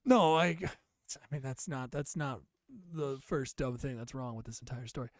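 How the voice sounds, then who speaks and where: A man's voice: medium pitch, moderate pace, no echo, clean studio sound. A young man co-hosting a comedy podcast, teasing his friend with sarcastic, swearing banter and mumbled asides. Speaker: podcast co-host.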